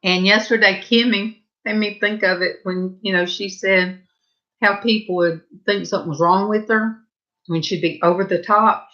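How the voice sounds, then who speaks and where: A middle-aged woman with a Southern accent, telling rambling, chatty stories in a casual vlog and brightening her voice whenever she quotes herself. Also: medium pitch, steady tone, moderate pace, highs cut off. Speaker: vlogger. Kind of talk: casual storytelling.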